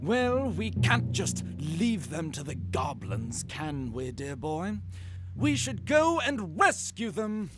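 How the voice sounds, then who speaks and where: A fussy, posh old villager drawls slowly in a high, sing-song voice. He sounds a little distant, and game music plays behind him. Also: sing-song. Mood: pompous. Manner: posh, drawn-out, says "dear boy". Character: fussy older male villager, posh and timid. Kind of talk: game cutscene voice acting.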